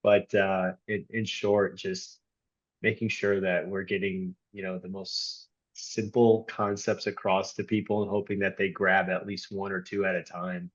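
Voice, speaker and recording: Low-voiced man, rambling, muffled audio. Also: little pitch movement, unhurried. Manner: rambling, with frequent restarts and "like" fillers. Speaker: strength and conditioning coach, podcast guest. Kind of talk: casual conversational interview.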